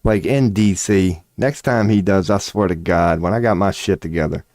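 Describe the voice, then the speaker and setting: A man's voice: low voice, normal speed, darkish tone, no echo, clean studio sound. A man streaming a casual rant, profane and mocking, with a drawling delivery at his computer.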